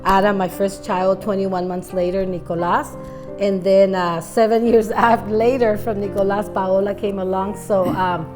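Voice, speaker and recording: A middle-aged woman speaks with a mid-pitched voice in casual chat about motherhood. She talks softly and haltingly, circling back on her words, and faint music plays behind her. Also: flat delivery. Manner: soft, halting, repeats words while searching. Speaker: guest, wife and mother of three.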